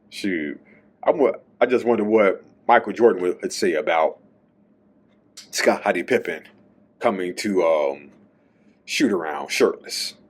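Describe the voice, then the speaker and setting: A man hosts his own show in a very low voice, speaking slowly and casually. He rambles through a solo monologue. He keeps checking in with a questioning "okay?". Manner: chatty, tags lines with "okay?". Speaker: podcast host.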